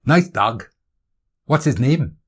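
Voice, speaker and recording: A man voicing a friendly, easygoing Scottish man of about thirty in a storybook reading, with a Scottish accent and a slow manner. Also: mid-range voice, lively intonation, a bit bright, breathy edge, voice pushed up, heavily acted. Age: 30s.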